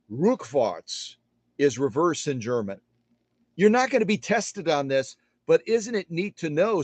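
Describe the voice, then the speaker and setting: A man's voice: a little high, no echo. Chatty man demonstrating in a workshop. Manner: chatty, self-deprecating, spells words out slowly. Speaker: sewing machine restorer. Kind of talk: casual demonstration to camera.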